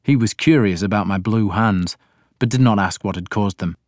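A man narrating a first-person story in a measured, steady telling, his voice on the low side. The recording is close and completely dry, with no room sound. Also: no echo. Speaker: audiobook narrator.

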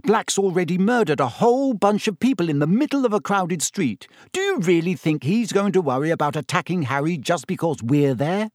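A man reading aloud and voicing an eager, bookish schoolgirl who is brisk and insistent. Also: sits high, expressive, no echo, studio quality, pitched above the performer's own voice. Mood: sharp. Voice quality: brisk, clipped and earnest.

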